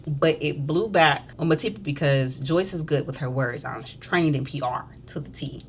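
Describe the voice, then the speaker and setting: A beauty vlogger recaps a show while doing her makeup, chatting casually and gossipily in slang and acting out the characters' quoted lines. Her voice sits low, with lively intonation at a normal speed.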